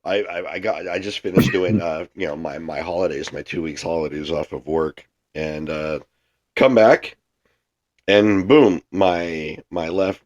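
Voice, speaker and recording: A man with a cold, co-hosting a sports podcast in rambling, halting casual chat. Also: low-pitched, a little mellow. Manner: rambling, halting, laughs easily. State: has a cold. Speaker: podcast co-host.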